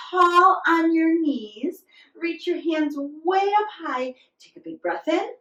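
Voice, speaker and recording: Slow, gentle woman teaching kids yoga. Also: sits high, reverberant, distant mic, highs cut off. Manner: slow, gentle, encouraging instructions with playful animal noises. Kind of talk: guided yoga class for children.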